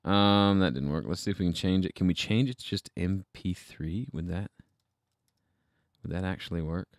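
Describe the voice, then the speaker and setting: Speaking at a normal speed in a deep voice, a livestream host works through problems out loud from his home studio, wandering in thought and poking fun at himself. There's no echo in the audio.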